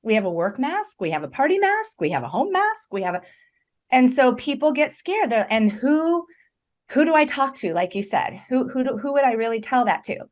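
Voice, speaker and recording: A woman's voice: sits high, moderate pace. A woman talking as a recovery coach in an earnest, conversational way, emphatic and often checking in with "right?". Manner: emphatic, animated, repeats "right?".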